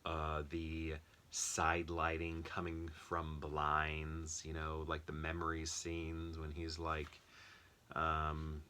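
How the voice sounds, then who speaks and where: A young American man with a low voice talks casually through his movie picks, thinking aloud and restarting sentences as he goes. His tone carries a bright, forceful edge despite the depth. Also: monotone, slow, a little hiss or hum. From United States. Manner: chatty, thinks aloud with many ums and restarts. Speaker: movie collector vlogger. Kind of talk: casual rambling commentary.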